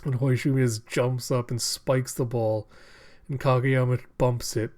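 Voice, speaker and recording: A man reviewing a manga chapter, recapping the action and reading characters' lines aloud with excited bursts and frequent laughter. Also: medium pitch, a little slow. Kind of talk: reading and reacting to a comic chapter.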